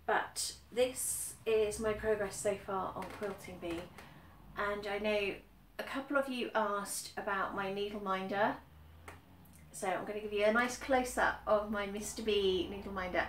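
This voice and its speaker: A woman's voice: mid-range voice, measured pace. A woman from the UK chatting casually about her stitching, with frequent ums and repeated phrases. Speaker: cross-stitch vlogger. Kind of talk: casual chat. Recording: roomy echo, somewhat far from mic, faint background noise.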